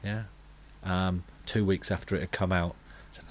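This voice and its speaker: Deadpan British man telling rambling stories. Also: sits low, moderate pace. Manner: deadpan, rambling anecdotes with many fillers. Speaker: podcast co-host telling comic stories. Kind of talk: comedic podcast chat.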